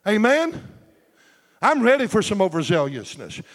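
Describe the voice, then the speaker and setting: A pastor delivers a fervent sermon in rhythmic bursts, calling for amens. His voice sits very high for a man. The sound rings with a long reverb from a large hall. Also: huge pitch swings, normal speed. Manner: fervent, rhythmic, call-and-response preaching.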